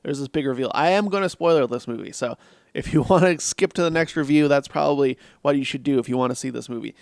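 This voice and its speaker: A man's voice: medium pitch, fast, gravelly, no echo, studio quality. Blunt, sarcastic man reviewing a movie. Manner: laughs through his own jokes. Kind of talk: casual spoken film review.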